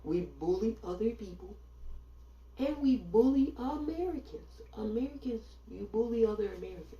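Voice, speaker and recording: A woman's voice: on the high side, animated, normal speed, warm tone, lo-fi sound. Blunt woman lecturing in a roomy space. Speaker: commentator. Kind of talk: opinion monologue. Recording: roomy sound from a distance.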